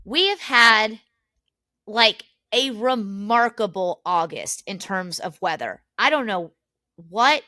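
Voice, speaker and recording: A woman co-hosting a podcast, telling family stories in a lively, chatty way and laughing often. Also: medium pitch, slow, dry recording, clean studio sound. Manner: animated storyteller, laughs often. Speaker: podcast co-host. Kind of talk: casual family chat.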